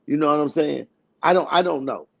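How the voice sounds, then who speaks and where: A raised, gravelly voice from a man with a Houston accent, talking loose in a casual podcast chat and playfully acting out heated back-and-forth. The sound is dull and lo-fi. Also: on the high side, brisk. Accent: Southern US, Houston. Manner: loose, joking, acts out heated quotes. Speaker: podcast co-host.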